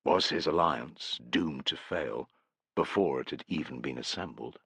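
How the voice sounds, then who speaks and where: A man's voice: rumbling low, measured pace, fairly bright tone, slightly rough, no room sound. A man narrating a historical war novel in a scripted, dramatic reading. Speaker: audiobook narrator.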